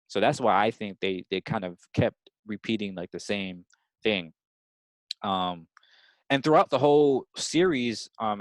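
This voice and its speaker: A man hosting a podcast, talking in a rambling, excited and slangy casual way. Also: on the low side, no echo. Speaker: podcast host. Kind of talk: casual chat.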